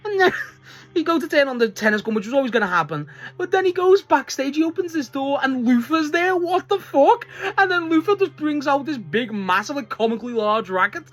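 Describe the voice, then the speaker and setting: Excitable, swearing young man reviewing wrestling. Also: extremely high pitch, fairly quick. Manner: excitable, swears often, laughs mid-sentence; rambling, full of restarts and filler. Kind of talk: casual spoken show review.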